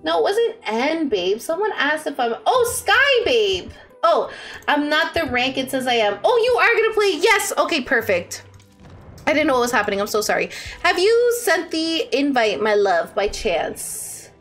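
A woman live streamer chatting casually with her viewers, bubbly and slangy, swinging between excited squeals and low mumbles. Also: normal speed, faint music behind.

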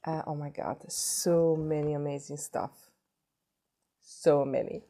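A woman with a cold, chatting excitedly through a beauty unboxing and gushing over each product. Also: low-pitched, takes it slowly. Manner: gushing, excitable, repeats herself. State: has a cold. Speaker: beauty vlogger. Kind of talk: unboxing chat.

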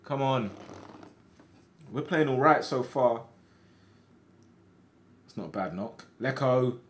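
A man streaming a football management game, reacting out loud with groans and cheers as he commentates. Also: medium pitch. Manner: excitable, shouts at players, swings between groans and cheers. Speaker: gaming streamer.

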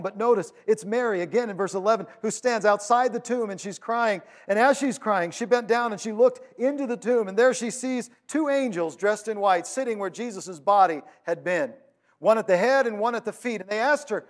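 A man preaching a sermon, retelling scripture with dramatic swings between loud urgency and hushed quiet. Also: high-pitched, normal speed. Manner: storytelling, paraphrasing scripture. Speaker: pastor.

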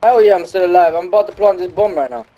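A man's voice: high voice, quick pace, lo-fi sound. A young man streaming a shooter game, trash-talking his friends with lots of swearing. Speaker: gaming streamer. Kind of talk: casual gaming banter. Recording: game sounds with gunfire noise. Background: game gunfire.

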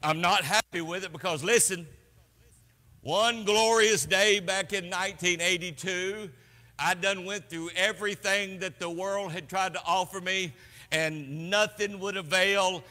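A man preaching a sermon as pastor, swinging emphatically between loud declarations and hushed passages. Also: sits high, steady tone, measured pace. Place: church sanctuary. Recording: long church reverb.

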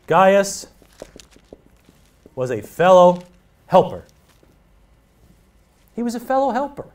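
Animated preacher heard from across the room. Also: male voice, sits high, slow pace. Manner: animated, emphatic, repetitive preaching. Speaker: pastor. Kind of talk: sermon. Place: church. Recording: voice from far off the mic.

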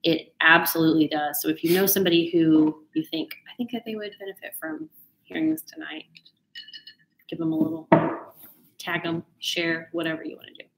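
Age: unknown. Sex: woman. Style: chatty motivational talk with a gravelly, low voice, echoey room. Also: fairly even intonation, a little fast, fairly bright tone. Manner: chatty, teasing, laughs often. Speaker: host of a live video talk.

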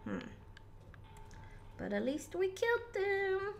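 High-voiced woman chatting while gaming. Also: wildly swooping pitch, slow, creaky, a little hiss or hum. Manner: chatty, giggly, swears when startled. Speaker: game streamer. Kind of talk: casual live gameplay chat.

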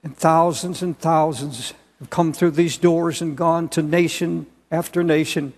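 An older man preaching a sermon as pastor, earnest and halting, with repeated restarts and bursts of loud emphasis. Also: fairly high pitch, steady tone. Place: large church auditorium. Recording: long hall reverb.

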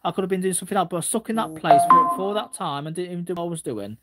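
High-voiced man rambling on a livestream. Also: rapid-fire, over loud music. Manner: rambling, repeats himself, stammering restarts. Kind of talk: casual livestream rant, reading chat.

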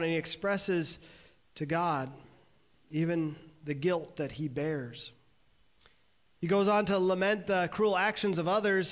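A male pastor giving a sermon, earnest and measured, slowing and pausing on key words. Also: on the high side. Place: church sanctuary.

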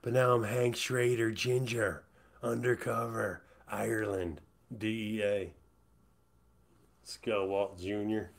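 A man's voice: fairly low pitch, flat delivery, slow, creaky. Rambling, mumbling man streamer. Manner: rambling, mumbles and trails off into whispers. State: high. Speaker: livestreamer. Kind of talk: casual livestream chat. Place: indoors, hot room.

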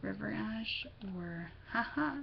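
A woman's voice: mid-range voice, animated, takes it slowly, creaky. A teenage girl vlogging casually at home, rambling and distracted, often giggling. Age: teens. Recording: dull lo-fi webcam audio with faint noise.

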